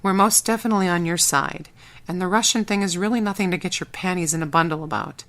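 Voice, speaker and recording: A blunt, no-nonsense former agent, a woman, voiced by the audiobook's narrator. She lays things out matter-of-factly in a fairly low voice. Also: fast talker, a bit bright, lightly acted.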